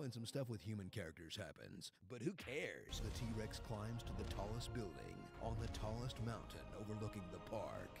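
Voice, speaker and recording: Gravelly deep man in mock-epic narration. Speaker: guest narrator. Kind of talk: dramatic trailer-style narration.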